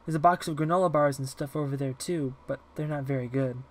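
A man voicing a timid eight-year-old girl who talks softly and quietly in an audiobook reading. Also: on the high side, fairly even intonation, a little fast, natural voice. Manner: soft and hushed.

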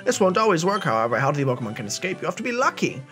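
A man voicing an old, grandfatherly male professor in a video game, with a raised, reedy pitch and an earnest, quick lecturing delivery. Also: big pitch swings, fairly bright tone, faint music behind.

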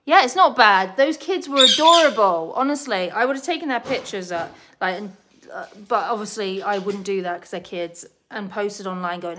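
A British channel host with an animated mid-range voice and moderate pace chats casually with her live viewers, breaking off between sentences to scold her pet bird. Loud parrot squawks and clicks sound behind her, along with slight background noise.

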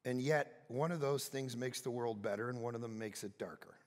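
A middle-aged male pastor, preaching a sermon with animated storytelling and loud bursts of self-mocking humor. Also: medium pitch, a little fast. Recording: reverberant hall.

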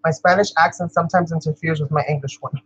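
A woman's voice: sits low, fairly quick, breathy edge, dull audio. Chatty New woman crafting vlogger. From New York. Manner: chatty, laughs often, talks to viewers as "you guys". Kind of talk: casual chat while crafting.

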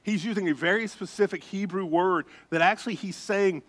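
Male pastor, slightly raised pitch, animated sermon storyteller who drops to a hush for suspense. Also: fairly quick.

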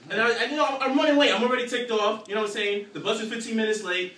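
A young man doing a live stand-up routine, telling animated stories and shouting his punchlines. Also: sits high, very fast. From New York. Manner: animated storytelling with shouted punchlines and frequent "you know what I'm saying". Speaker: stand-up comedian. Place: small live venue. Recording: roomy, distant, noisy live recording.

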